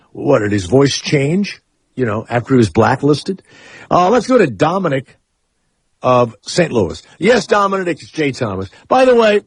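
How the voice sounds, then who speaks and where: A man's voice: medium pitch, slightly rough, no room sound. A man hosting a radio talk show, rambling and opinionated in casual chat. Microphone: studio microphone.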